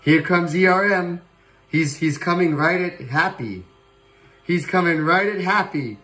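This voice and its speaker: A man hosting a livestream, giving playful live commentary on a virtual airshow, excitable and prone to whoops and chuckles. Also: high voice, a little slow, rough recording. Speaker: livestream host. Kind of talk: playful live commentary on a flight sim show.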